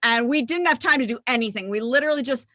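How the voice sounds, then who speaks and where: A woman's voice: on the high side, fast talker, bright, forceful tone, no room sound, studio quality. A woman, a rock band singer, telling road stories on a podcast, acting out quotes and swearing freely. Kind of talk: casual storytelling. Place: podcast recording.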